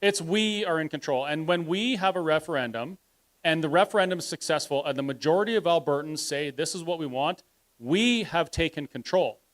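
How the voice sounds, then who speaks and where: A man with a fairly high voice speaks at a live public panel. He argues his case forcefully, and at times stalls mid-sentence while groping for the right word. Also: brisk. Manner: forceful, argumentative, trails off hunting for words. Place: live event hall.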